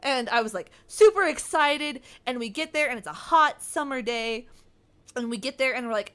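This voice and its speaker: A woman co-hosting a podcast, telling a story in a lively, giggly way. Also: high-pitched, normal speed. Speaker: podcast co-host. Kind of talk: casual chat.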